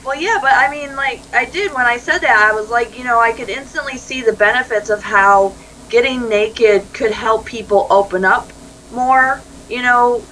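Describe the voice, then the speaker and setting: Life coach lady on an interview call, bright clear voice, tells stories with lots of life, does little voices for quotes. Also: a little high, normal speed, slight background noise, low-quality recording. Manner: animated storyteller who acts out quoted dialogue and laughs easily. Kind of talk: conversational interview.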